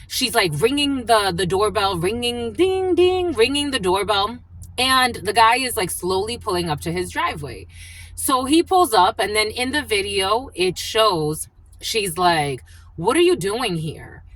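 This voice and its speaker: Woman, tarot reader, chatty and rambling, lively pitch; uses many fillers, acts out voices in her stories. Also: a little slow, poor audio. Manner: acts out the people in her anecdotes. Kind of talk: casual collective tarot reading.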